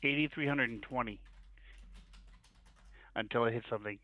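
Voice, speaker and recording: A man's voice: medium pitch, normal speed, dull audio. Matter-of-fact man playing a tabletop game. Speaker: player. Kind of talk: casual tabletop play.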